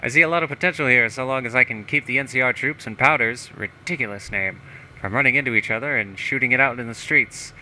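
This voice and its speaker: This is a sleazy mayor who cannot stop admiring his own schemes, as a man puts him on while reading. He sounds smug and boastful and adopts a put-on accent. His tone is piercingly bright. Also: mid-range voice, quick pace, slight background noise, voice pushed up, low-quality recording. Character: sleazy scheming male small-town mayor.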